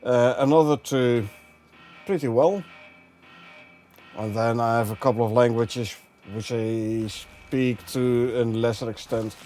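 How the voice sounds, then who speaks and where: A relaxed young man with a Dutch accent, his first language Dutch, chatting casually with his viewers as he streams a game and reads out their questions. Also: medium pitch, slow, faint music behind. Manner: relaxed, chatty, chuckles often, drifts between languages. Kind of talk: casual gameplay commentary, reading chat.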